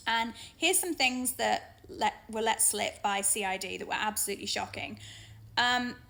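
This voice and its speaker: A woman's voice: fairly high pitch, gravelly, sharp tone. A young British woman telling a personal story straight to camera in a frank, earnest way. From Britain. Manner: earnest, frank, with pauses and restarts. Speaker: vlogger.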